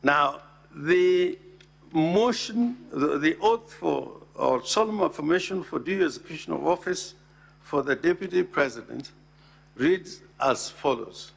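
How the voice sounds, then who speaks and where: A man argues formally before a Senate chamber in a high voice. He speaks slowly and deliberately, leaning on each word he stresses. His voice has a gravelly edge. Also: lively intonation. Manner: deliberate, emphatic, reads legal text aloud. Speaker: counsel addressing the Senate. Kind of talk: formal legal address.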